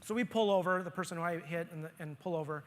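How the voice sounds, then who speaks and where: A man speaking at a conference, telling a story from his own life in an animated way and acting out his own grumbling. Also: a little high, fast. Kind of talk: storytelling talk on stage. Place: conference hall stage. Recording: long hall reverb.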